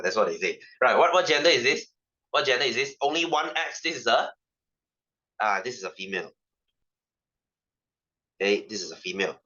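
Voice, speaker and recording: A man's voice: fairly low pitch, pushed and bright, lo-fi sound. A young man with a Malaysian English accent teaching a casual science lesson, chatty and joking, with constant "right?" asides. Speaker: science tutor.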